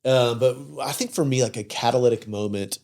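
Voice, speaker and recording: A man's voice: mid-range voice, fairly quick, a little mellow. A man hosting a casual church podcast conversation, telling a personal story and acting out what others said. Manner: storytelling, acting out quoted speakers.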